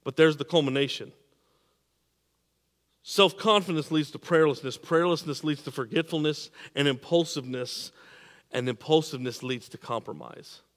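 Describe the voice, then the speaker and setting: A man preaching a sermon, repeating and restarting words, swinging between emphatic peaks and quiet drops. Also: fairly high pitch, moderate pace, big-room sound. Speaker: pastor.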